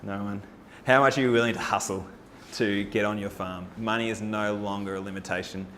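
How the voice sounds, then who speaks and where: Male presenter, low register, upbeat persuasive forum pitch. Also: brisk, slight background noise. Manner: energetic, rallying, with rhetorical questions to the audience. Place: live talk at a farming forum.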